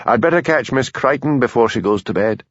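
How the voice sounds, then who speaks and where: A man voicing a calm, stubborn police sergeant with a Scottish Highland accent who questions people quietly and persistently. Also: fairly quick, no room sound, muffled recording, natural voice. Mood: questioning.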